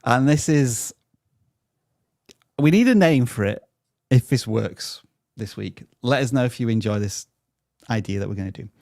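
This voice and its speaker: A man's voice: mid-range voice, creaky, darkish tone, no echo, clean studio sound. Upbeat man hosting a live stream. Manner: upbeat, chatty, stumbles over names. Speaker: livestream host reading viewer questions. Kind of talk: live channel-review stream.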